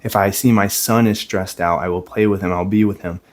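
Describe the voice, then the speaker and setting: A man's voice: low voice, steady tone, a little fast. A young man, a stay-at-home dad, talking earnestly and plainly to camera about his own life. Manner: earnest, reflective, plain-spoken. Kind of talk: personal talk to camera.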